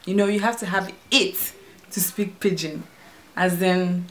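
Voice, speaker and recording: A young Nigerian woman with a Nigerian accent and a fairly low voice talks through a tag video from her home. She speaks in a relaxed, chatty way, giggles now and then, and repeats words as she goes. Igbo is her first language. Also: a little slow, slight background noise. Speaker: vlogger. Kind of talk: casual tag video chat.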